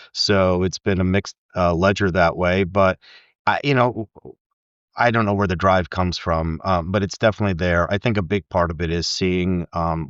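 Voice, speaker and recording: A middle-aged man from the United States, a guest telling his story in a thoughtful, candid way with soft laughs and frequent fillers. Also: sits low, smooth, no room sound, highs cut off. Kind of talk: reflective interview talk.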